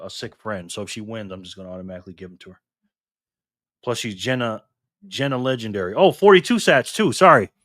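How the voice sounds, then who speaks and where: A man's voice: mid-range voice, a bit bright, dry recording, studio quality. Upbeat man reading out stream chat. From Rochester, New York. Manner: friendly, upbeat, reads chat aloud and greets viewers by name. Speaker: livestream host. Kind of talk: casual live stream chat reading viewer comments.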